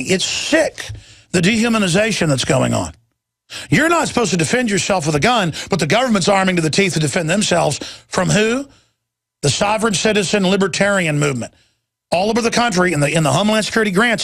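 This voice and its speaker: Middle-aged man, talk radio host, indignant and emphatic, high voice, dry studio sound. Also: vocal fry, a bit bright, no echo. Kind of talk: heated broadcast monologue.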